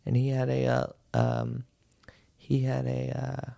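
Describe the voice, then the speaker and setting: Gravelly rambling male comedian. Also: medium pitch, big pitch swings, takes it slowly, dark tone. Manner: rambling storyteller, drops into impressions. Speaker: comedian guest. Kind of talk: casual podcast chat.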